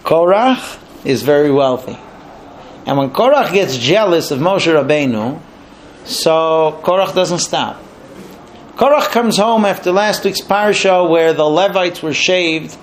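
A man giving a religious teaching, telling the story with animated, lively delivery. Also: a little high, unhurried, slight background noise. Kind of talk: storytelling sermon.

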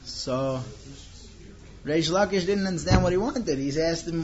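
Man telling a lively teaching story. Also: fairly high pitch, unhurried, muffled recording. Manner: animated, acts out the characters' lines. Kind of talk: informal storytelling lesson.

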